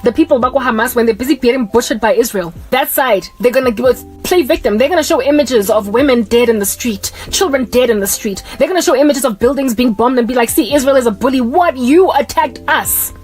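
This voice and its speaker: A woman speaks in a rapid, emphatic rush. She delivers an impassioned religious monologue in a raised, preachy voice. Faint music plays underneath. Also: on the high side. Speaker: Christian vlogger.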